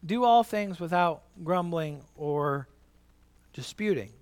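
Guy preaching a sermon, kinda high voice, lively, keeps repeating his point to the crowd. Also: takes it slowly, smooth. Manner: animated, repeats lines for the congregation; conversational, many restarts and asides. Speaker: pastor.

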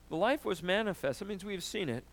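A man preaching a sermon, emphatic and animated, often asking "right?" and clearing his throat. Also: high-pitched, normal speed. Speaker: pastor.

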